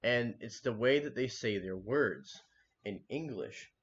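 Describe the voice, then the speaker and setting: A man's voice: medium pitch, lively intonation, unhurried. A man live-streaming his reaction to a video, rambling casually with many fillers and restarts. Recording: dull lo-fi mic with faint noise.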